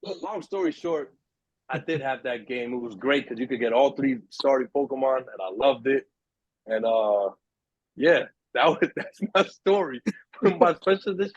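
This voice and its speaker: A young man spins a story for his friends on a podcast, jumping into high, excited voices for the people in it. His voice is a little husky, and the room sounds dry and close. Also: normal speed, dry recording, highs cut off. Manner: animated storyteller, acts out voices in quotes. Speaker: podcast host. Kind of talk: casual storytelling among friends.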